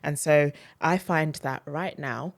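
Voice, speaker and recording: A young woman with a notably low, deep voice makes her case on a podcast. She is emphatic and animated and presses each point home in a lively studio debate. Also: takes it slowly, vocal fry. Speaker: podcast guest. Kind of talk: casual debate.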